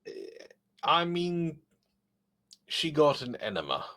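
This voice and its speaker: A man hosting a casual podcast, reading funny online stories aloud and joking about them with animated asides. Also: fairly high pitch, slow. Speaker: podcast host.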